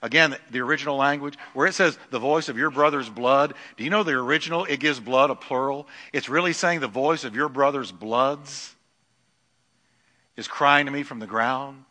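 Middle-aged guy preaching in church, goes loud then hushed, bright tense voice, big echoey hall. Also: medium pitch, normal speed. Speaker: pastor. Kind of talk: sermon. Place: church sanctuary. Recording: long hall reverb.

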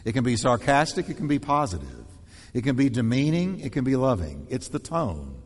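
A man preaching a sermon in an animated way, acting out quoted voices with shifting tone and pace. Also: medium pitch, fairly quick, breathy edge, in a large hall. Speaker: pastor.

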